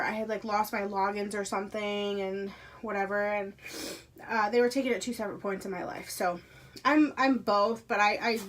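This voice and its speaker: A woman unboxing items at home in a casual, gushing way, often dropping to breathy whispers. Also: medium pitch. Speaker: unboxing vlogger. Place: carpeted room at home.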